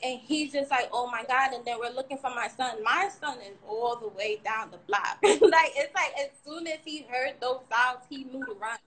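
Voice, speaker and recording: Young woman, a little high-pitched, candid and rambling, personal story, faint hiss behind. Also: normal speed, few pauses. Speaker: shooting survivor sharing her story. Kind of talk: emotional personal account on a livestream.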